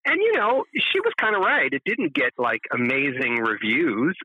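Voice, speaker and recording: A man's voice: mid-range voice, big pitch swings, normal speed, breathy edge, no echo, highs cut off. A man who is a film director telling stories in an interview, rambling with many fillers and restarts. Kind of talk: relaxed anecdotal interview answers.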